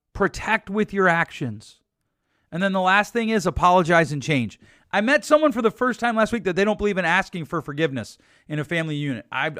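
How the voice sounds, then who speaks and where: A man's voice: high-pitched, a bit bright, no echo, studio quality. A middle-aged man hosting a solo relationship advice podcast, blunt and emphatic as he urges listeners to change. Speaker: podcast host.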